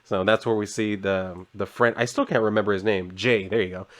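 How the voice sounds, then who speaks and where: A man's voice: fairly low pitch, fairly even intonation, a little fast. A man casually recapping a comic book, chatty and sarcastic, swearing now and then.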